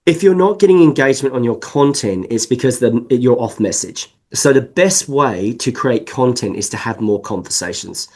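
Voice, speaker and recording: A man from England with an accent mixed with New Zealand, speaking as a guest in a podcast interview and explaining at length in an animated, emphatic way. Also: mid-range voice, normal speed, few pauses. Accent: mixed English and New Zealand. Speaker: sales consultant guest.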